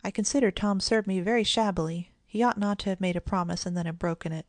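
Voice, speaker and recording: A woman voicing an eager, excitable little girl in a storybook, speaking higher and exclaiming. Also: quick pace, no room sound, close to an everyday voice.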